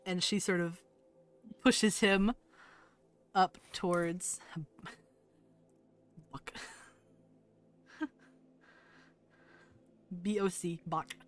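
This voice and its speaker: A woman narrating a tabletop game as game master, descriptive and relaxed. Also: medium pitch, drawn-out words, long pauses, soft background music.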